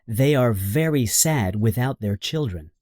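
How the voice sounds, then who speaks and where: Slow expressive man reading a storybook. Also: medium pitch, dry recording, studio quality. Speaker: audiobook narrator. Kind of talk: scripted storybook narration.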